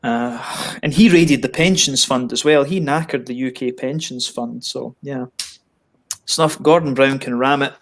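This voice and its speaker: A man's voice: mid-range voice, unhurried, a little hiss or hum. Jokey Scottish man on a live stream. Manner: jokey, laughs often, swears when riled. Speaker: host of a beer review stream. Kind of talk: casual chat on a live stream.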